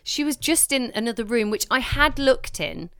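A woman's voice: on the high side, clean tone, dry recording, clean studio sound. Woman telling a panicked story. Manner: animated storytelling with quick panicked bursts. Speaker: podcast co-host. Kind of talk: casual chat.

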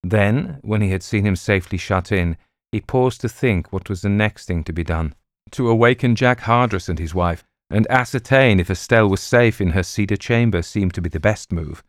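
Deep-voiced male audiobook narrator. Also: normal speed, no echo, studio quality.

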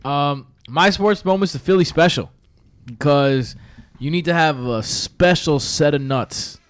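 Smooth-voiced man in casual sports banter. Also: fairly high pitch, a little slow, no room sound, clean studio sound. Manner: jokey, does mock accents, rambling with fillers. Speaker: podcast co-host.

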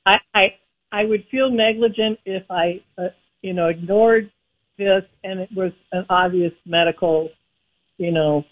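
A woman's voice: medium pitch, a little slow. A woman calling into a radio show, speaking politely and a little hesitantly. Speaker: caller. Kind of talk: call-in phone conversation. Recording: tinny phone line.

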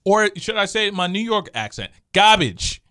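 A man's voice: high-pitched, sing-song, quick pace, pushed and bright, clean tone, no room sound, studio quality. Sarcastic man riffing on a sports podcast. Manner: sarcastic, riled up, mocking. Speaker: podcast co-host. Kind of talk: casual sports podcast chat.

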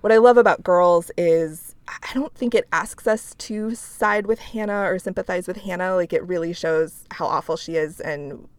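A woman's voice: lowish voice, normal speed, clean tone, dry recording. A woman co-hosting a casual chat, talking in a thoughtful, chatty way. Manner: thoughtful, chatty, laughs easily. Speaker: podcast co-host.

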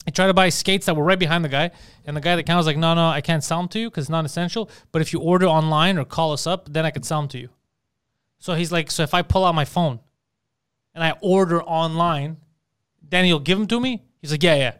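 Co-host, man, quick and profane, somewhat high, clean voice. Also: clear, resonant tone. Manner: fast, profane storytelling with animated voices for quoted people. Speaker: podcast co-host. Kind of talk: casual chat.

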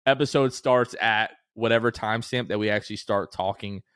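A young man in his twenties co-hosting a casual sports podcast, an animated storyteller who acts out quoted voices with big jumps in pitch. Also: brisk, clean tone, dry recording, clean studio sound. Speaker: podcast co-host.

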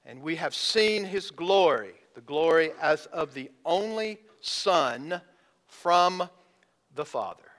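A man preaching a sermon to his congregation, talking to them directly and drawing out key words slowly for emphasis. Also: on the high side, lively intonation, a bit bright. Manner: addresses congregation directly as folks. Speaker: pastor.

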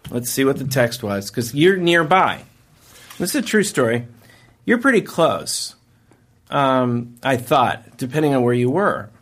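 A man's voice: medium pitch, very animated, a little slow, a bit bright. A man hosting a podcast, telling a long story in casual chat, often restarting and repeating his phrases. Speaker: podcast host.

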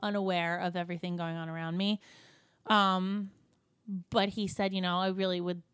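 A woman in her thirties co-hosting a podcast, talking in a halting, emotional way that trails off mid-sentence. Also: lowish voice, level tone, a bit bright, clean tone, no echo, studio quality. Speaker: podcast co-host. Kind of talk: casual chat.

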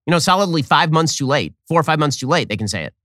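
A man hosting a political commentary show, delivering a fast, sarcastic, exasperated monologue. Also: on the high side, expressive, a bit bright, dry recording, studio quality.

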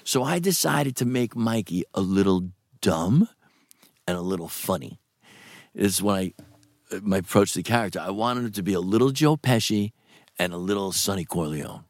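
A man in his sixties from New with a gravelly voice, animatedly telling stories in a casual interview. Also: moderate pace, no echo, studio quality. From New York. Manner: animated, swings pitch for quoted voices. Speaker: actor guest.

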